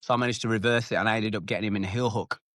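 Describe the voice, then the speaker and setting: A man's voice: on the low side, rapid-fire, no echo. British man, retired fighter, loose and profane storyteller, close dry podcast sound. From United Kingdom. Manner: animated, swears freely, acts out shouted quotes. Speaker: retired MMA fighter, guest. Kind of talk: casual storytelling interview.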